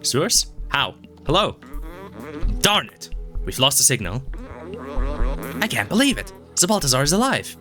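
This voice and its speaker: A man's voice: mid-range voice, wildly swooping pitch, normal speed, pauses often, music in the background, voice pushed up. A man voicing an eager, anxious male robot hacker in a video game, reading his lines with rising urgency. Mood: urgent.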